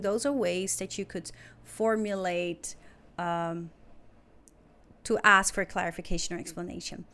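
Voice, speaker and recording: Female teacher, mid pitch, patient and clear, explains step by step. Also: moderate pace, fairly bright tone. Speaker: English teacher. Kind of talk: recorded online lesson.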